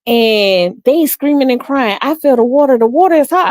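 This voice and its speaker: A woman's voice: brisk, hardly any pauses, no room sound, clean studio sound. A middle-aged woman hosting a livestream, chatting casually, reading comments and telling family stories with frequent laughter. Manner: animated, laughs often, acts out quotes in high voice. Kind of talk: casual storytelling chat.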